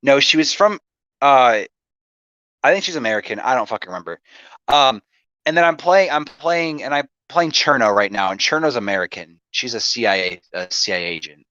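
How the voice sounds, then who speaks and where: A man's voice: mid-range voice, expressive, normal speed, sharp tone, dry recording. Man, casual podcast chat, lots of filler words, swearing, dull lo-fi sound, dry. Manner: rambling, swears a lot, many "like" fillers. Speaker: podcast guest. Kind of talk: casual chat about roleplay.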